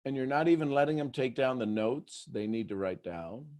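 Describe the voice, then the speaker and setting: A male motivational host with a mid-range voice speaks to his listeners. He keeps asking them questions and shifts his delivery often, dropping to a near hush and then rising to loud bursts. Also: mid-range voice, lively intonation, normal speed. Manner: dynamic, swings between hushed and shouted. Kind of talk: motivational talk on a call.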